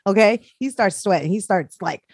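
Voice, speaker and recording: A woman co-hosting a casual chat, teasing her friend and telling animated stories. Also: medium pitch, moderate pace, no room sound, studio quality. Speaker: co-host.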